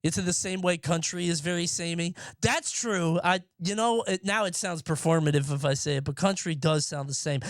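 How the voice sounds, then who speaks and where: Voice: medium pitch, normal speed, few pauses, no room sound, studio quality. A streamer in their thirties from the United States, chatting casually with live viewers in a rambling, profane way and laughing often.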